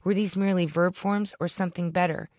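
A woman's voice: lowish voice, steady tone, a little fast, darkish tone, no echo. Author narrating her own fiction, dramatic and rhythmic, very dry sound. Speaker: author reading her story. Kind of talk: expressive story reading.

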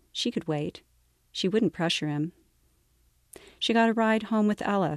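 A woman's voice: on the low side, a little mellow, no room sound, studio quality. Woman author reading her novel.

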